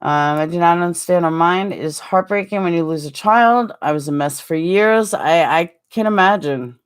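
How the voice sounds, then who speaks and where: A middle-aged woman hosting a casual live-stream chat, rambling and animated, answering viewers with frequent ums and quick asides. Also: clean tone. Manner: animated, jumps higher when acting out quotes.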